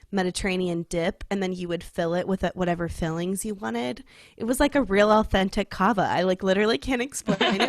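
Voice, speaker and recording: A woman's voice: medium pitch, no echo. Young female podcast co-host, casual and chatty, filler-heavy, dry close recording. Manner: chatty, many "like" fillers, laughs often. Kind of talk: casual chat.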